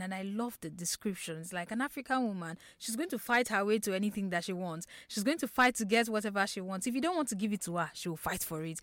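A Nigerian woman hosting a radio talk show in a studio, chatting lively and speaking straight to her listeners. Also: medium pitch, fast, hardly any pauses, dry recording. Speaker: radio host.

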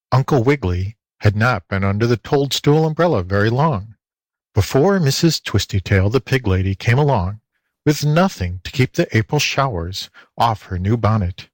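A man's voice: fairly low pitch, no echo. A man narrating a children's storybook for a volunteer audiobook.

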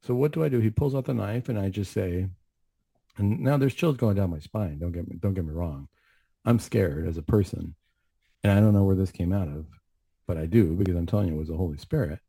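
A man's voice: deep voice, fairly quick, creaky, dark tone, husky, no room sound. A man who works as a counselor, giving an earnest, reflective faith testimony on a talk show with many asides. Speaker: mental health counselor.

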